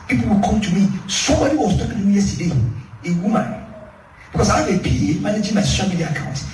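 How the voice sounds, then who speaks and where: A male preacher tells stories with a high, sing-song voice that leaps around his range. He sounds set back from the microphone in a reverberant church hall, with faint music under him. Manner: animated storytelling, laughing asides. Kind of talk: sermon. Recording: roomy hall, distant mic, faint music.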